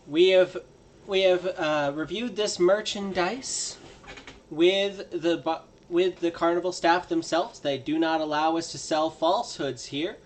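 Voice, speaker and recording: A man taking part in a tabletop game who slips into a salesman's pitch when he speaks in character. His voice sits a touch high, with faint noise behind it. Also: steady tone, unhurried. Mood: persuasive. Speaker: player.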